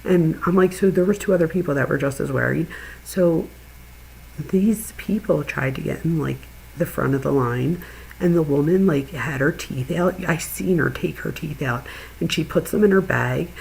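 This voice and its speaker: A middle-aged woman and channel host, chatting casually with viewers and telling an animated story, laughing as she goes. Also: deep voice, moderate pace, slight background noise, low-quality recording. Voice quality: gravelly, husky. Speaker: true crime channel host.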